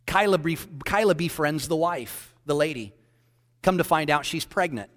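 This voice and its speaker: A man's voice: a little high, moderate pace, big-room sound. A man preaching as a pastor, telling a story and acting out the dialogue of the people in it. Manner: animated storyteller, quoting others in dialogue. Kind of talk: sermon storytelling.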